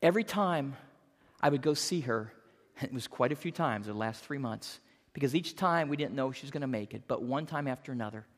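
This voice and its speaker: Animated preacher in a reverberant hall. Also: medium pitch, fairly quick. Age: 50s. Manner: earnest, animated preaching with repeated words. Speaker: pastor. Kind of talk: sermon.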